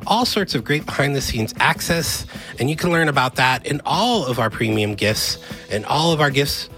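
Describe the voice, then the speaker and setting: Animated, jokey radio host. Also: medium pitch, moderate pace, soft background music. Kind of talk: casual on-air chat during a pledge drive. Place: radio studio.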